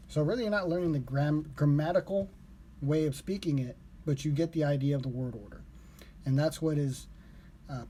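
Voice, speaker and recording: A man's voice: a little high, dark tone, slight background noise. A man casually talking a viewer through what he learned, rambling and correcting himself as he goes. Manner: rambling, with fillers and self-corrections. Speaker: language learner vlogger. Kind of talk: casual explanation to camera.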